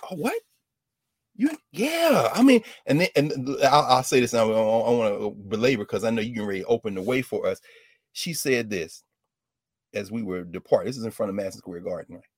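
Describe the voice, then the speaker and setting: A man talking in an impassioned casual conversation, swinging from loud outbursts to low murmurs, laughing often and cursing. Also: fairly quick, dry recording, studio quality. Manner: uses street slang and curses.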